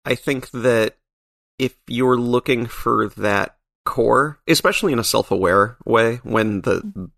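A man's voice: lowish voice, creaky, sharp tone. A man, a comic book writer, talking in a casual podcast conversation, thoughtful and wry, with frequent restarts.

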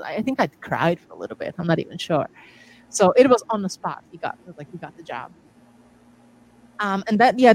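A woman DJ chatting as a guest, spinning long anecdotes in a relaxed way. She acts out what others said, stumbles and restarts, and breaks into laughs. Her voice sits at a middle pitch. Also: a little hiss or hum, poor audio. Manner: animated, acts out quoted dialogue, frequent restarts and laughs. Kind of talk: casual anecdotal storytelling.

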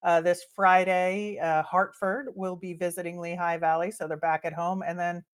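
A young woman with a slightly low voice co-hosts a sports podcast. She talks in a loose, upbeat way and fills her sentences with "um" and "you know.". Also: flat delivery, moderate pace, clear, resonant tone. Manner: chatty, upbeat, many fillers. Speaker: podcast co-host. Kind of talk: casual hockey podcast chat.

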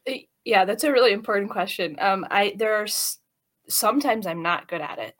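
A woman in her thirties talks openly as a hospital chaplain being interviewed. She is earnest and emotional, filling her sentences with ums and likes, at an ordinary middle pitch. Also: brisk, fairly bright tone. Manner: earnest, emotional, many fillers. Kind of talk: interview conversation.

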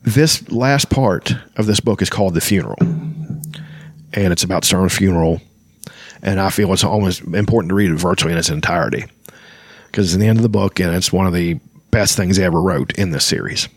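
A man's voice: sits low, a little fast, husky, no echo. A man hosting a podcast, reading a novel aloud with loose, chatty asides and frequent self-corrections. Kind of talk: book reading with casual asides.

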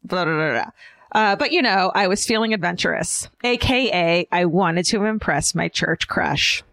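A woman's voice: lowish voice, moderate pace, vocal fry, a bit bright, no echo. A woman co-hosting a comedy podcast, reading a listener's email aloud with jokey asides. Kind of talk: casual comedic podcast chat.

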